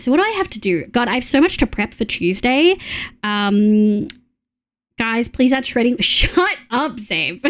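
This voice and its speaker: Aussie woman streamer yapping w chat, kinda high voice, quick little asides. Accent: Australian. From Australia. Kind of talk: casual live-stream chat.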